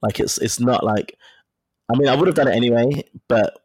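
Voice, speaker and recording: Man telling a frank, animated story. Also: medium pitch, a little fast, husky, no room sound. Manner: animated storytelling, acting out quoted dialogue; frank and profane. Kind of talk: casual chat.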